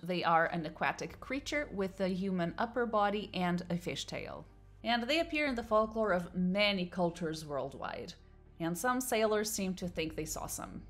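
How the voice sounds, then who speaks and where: A woman marine biologist hosting a casual vlog, talking in a playful, self-mocking way with small laughs. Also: fairly low pitch. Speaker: marine biologist and video host.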